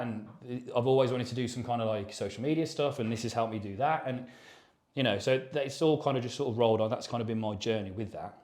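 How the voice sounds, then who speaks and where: Sweary man chatting, echoey room. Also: medium pitch. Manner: rambling, sweary and matter-of-fact. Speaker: podcast co-host. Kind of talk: casual chat.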